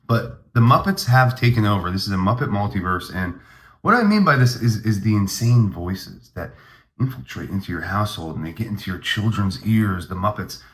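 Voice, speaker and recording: A man's voice: lowish voice, lively intonation, normal speed, fairly bright tone, reverberant. A man hosting a comedy podcast, rambling through a mock-grandiose, hyped monologue.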